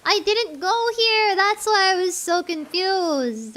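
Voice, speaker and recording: A high-pitched woman from the Philippines speaks with a Filipino accent. She is a game streamer who chats loosely with her audience. She rambles and circles back over her own words as she thinks things through. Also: slow pace, few pauses, fairly bright tone. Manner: chatty, rambling, restarts phrases while thinking aloud. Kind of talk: casual game-stream chat.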